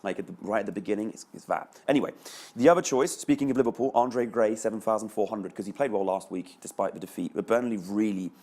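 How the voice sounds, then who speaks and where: A man's voice: on the low side, fast talker, hardly any pauses, a little mellow. A man, a panelist chatting analytically on a sports show. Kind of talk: panel discussion.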